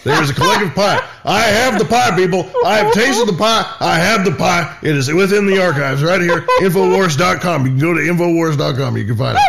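A man's voice: sits high, brisk, gravelly, hardly any pauses, a little hiss or hum. A man playing a hot-headed middle-aged conspiracy radio host who rants and repeats himself. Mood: conspiratorial ranting. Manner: ranting, repeats himself, laughing into shouts.

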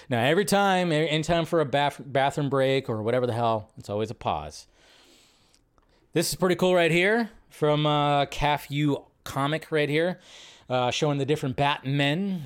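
A man hosting a live film news stream, chatting casually and rambling, often jumping from high excited bursts to low mutters. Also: smooth. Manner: rambling, animated, jumps between high and low.

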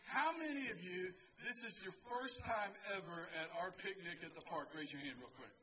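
Pastor, male, high-pitched voice, easygoing sermon, outdoor park picnic, picked up from a distance over crowd chatter. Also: normal speed. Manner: conversational, joking asides to the crowd. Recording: distant mic with crowd noise.

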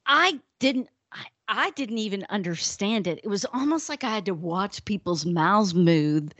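A middle-aged woman co-hosting a podcast, telling stories in an animated way and laughing often. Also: mid-range voice, measured pace, dry recording. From the American North. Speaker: podcast co-host. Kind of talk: casual chat.

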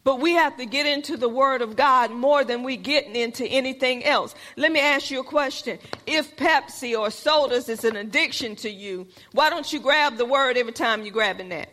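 A woman's voice: sits high, normal speed, few pauses, bright, forceful tone, long reverb tail. A woman preacher giving a sermon in an earnest, plain-spoken, conversational way.

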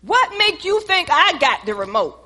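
A woman voicing a sassy, quarrelsome wife who talks loud and accusing. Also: sits high, expressive, fairly quick, slightly rough, long reverb tail, heavily acted.

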